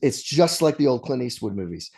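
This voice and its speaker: A man's voice: mid-range voice, a little fast, creaky, slightly rough. A man co-hosting a casual movie podcast, retelling scenes with laughs and restarts. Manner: animated storytelling with frequent laughs and restarts. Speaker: podcast co-host.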